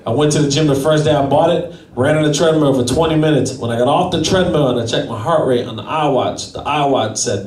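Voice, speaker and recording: A man's voice: a little high, a little fast, hardly any pauses, a little mellow. A man doing a self-deprecating stand-up set at an open mic, chatting with the crowd. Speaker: stand-up comedian. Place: small gallery venue at an open mic. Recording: echoey room from a distance.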